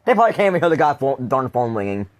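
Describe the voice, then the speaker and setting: A man hosts a loose, casual podcast and talks in a rambling way. He laughs often and keeps restarting his sentences. His pitch sits in a middle range for a man. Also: big pitch swings, racing, slight background noise. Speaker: podcast host. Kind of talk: casual chat.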